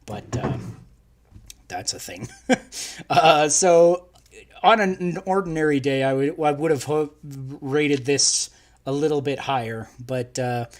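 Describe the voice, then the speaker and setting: A man's voice: medium pitch, a little slow. A young man co-hosting a casual podcast live stream, rambling and laughing as he talks, with frequent restarts. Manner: rambling, laughing, self-interrupting. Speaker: podcast co-host.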